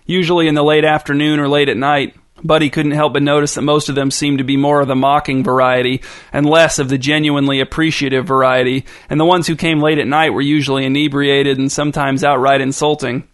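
A man's voice: fairly high pitch, level tone, fairly quick. A man reading a story aloud as narrator in a dry, wry manner.

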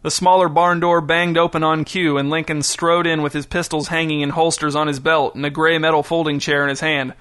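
A male narrator reads a novel aloud at an even, steady pace. His voice sits slightly high and sounds bright and forceful. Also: fairly quick, hardly any pauses, clean tone. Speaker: audiobook narrator. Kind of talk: scripted narration.

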